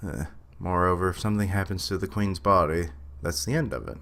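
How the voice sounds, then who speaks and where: A man with a low, deep voice reacts live while reading a comic. He thinks out loud, muses over what he reads and corrects himself along the way. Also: fairly even intonation, brisk. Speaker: reaction streamer. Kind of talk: live reaction commentary, reading manga aloud.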